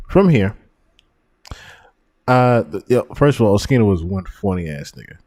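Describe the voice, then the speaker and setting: A man hosting a podcast, giving casual commentary and animated stories, often breaking into laughter. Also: lowish voice. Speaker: podcast host.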